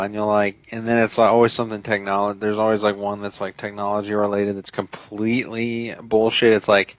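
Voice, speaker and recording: Low-voiced young man on a dull mic. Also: flat delivery, no echo. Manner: halting, trails off, stammers on restarts. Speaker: podcast co-host. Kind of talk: casual chat.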